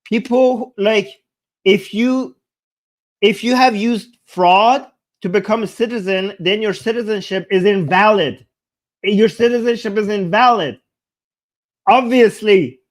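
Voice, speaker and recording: Guy reacting to a clip, sarcastic, keeps repeating himself, kinda high voice. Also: a little slow. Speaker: channel host. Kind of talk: casual reaction commentary.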